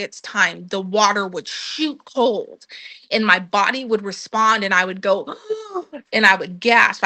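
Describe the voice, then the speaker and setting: A woman telling her own testimony in an earnest, conversational way, with many ums as she goes. Her voice is bright and clear, and it sits close and dry on the mic. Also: mid-range voice, no echo. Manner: earnest storytelling with frequent ums, acting out her own past words. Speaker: guest sharing her testimony.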